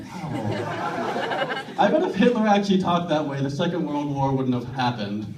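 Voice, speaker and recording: A man performing a stand-up comedy set with a deadpan, self-deprecating delivery, in a comedy club with a laughing audience. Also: a little high, a little slow, far from the mic, a loud crowd. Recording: roomy club, mic heard from afar, audience laughing.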